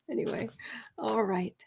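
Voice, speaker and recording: A woman's voice: fairly high pitch, gravelly, slight background noise. A woman with a Southern accent hosting a casual tarot livestream, chatting with viewers, reading out their comments and dropping sarcastic asides. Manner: chatty, sarcastic asides, drops to soft murmurs while shuffling. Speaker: tarot reader and livestream host.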